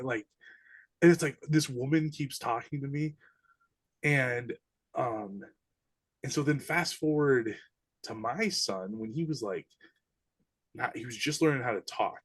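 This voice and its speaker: A man in the middle of his voice range tells spooky stories in a loose, excitable way, with casual slang. The sound is close and dry. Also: medium pitch, measured pace, long pauses, husky, dry recording. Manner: animated, breathless retelling of eerie events, casual slang. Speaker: podcast guest. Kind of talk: casual storytelling.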